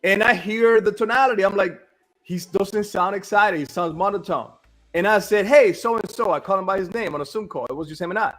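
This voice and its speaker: A man's voice: sits high, a little fast, a bit bright. A man in casual business chat, blunt and emphatic, often asking "all right?".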